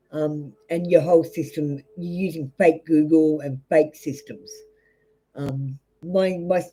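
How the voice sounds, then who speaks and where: A woman's voice: sits low, dark tone, breathy edge, poor audio. An Australian woman giving a live tarot reading to viewers, blunt and rambling, with many fillers and restarts. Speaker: tarot reader.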